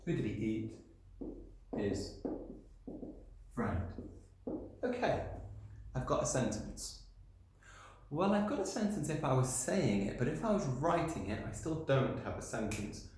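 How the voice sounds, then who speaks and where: A man's voice: mid-range voice, sing-song, a little slow, pauses often, darkish tone, slight background noise. A male teacher talks through a video lesson in a very echoey classroom. His voice sits in the middle of the male range. He explains patiently, asking questions and answering them himself. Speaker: primary school teacher. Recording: very echoey room sound.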